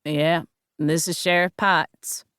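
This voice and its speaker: A woman narrator voicing a gruff, suspicious male small-town sheriff who talks bluntly in a folksy drawl. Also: mid-range voice, animated, slow pace, no echo, studio quality.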